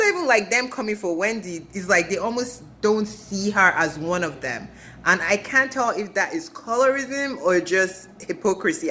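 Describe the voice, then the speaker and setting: Bright, chatty woman dishing gossip. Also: lowish voice, a little hiss or hum. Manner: chatty, gossipy, quick asides. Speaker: reality TV commentator. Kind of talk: casual recap vlog.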